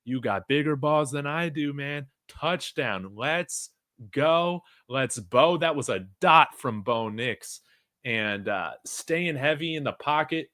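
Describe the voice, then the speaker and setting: Excitable man calling a game live. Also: fairly high pitch, slow pace, no room sound, clean studio sound. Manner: excitable, shouts on big plays, reads chat aloud. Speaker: fan watch-along commentator. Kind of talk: live play-by-play reaction stream.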